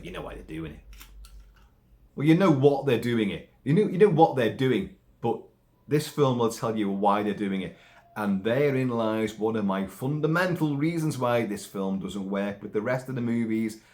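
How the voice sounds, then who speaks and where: A man casually recapping a horror film plot, rambling and animated, with frequent restarts and swearing. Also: medium pitch. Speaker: film reviewer.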